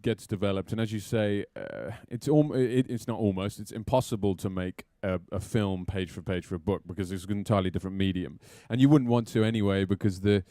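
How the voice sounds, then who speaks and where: A man, an actor guest, talking in a halting way with many restarts and a dry sense of humor. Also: on the low side, mellow, no echo. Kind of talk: casual interview chat.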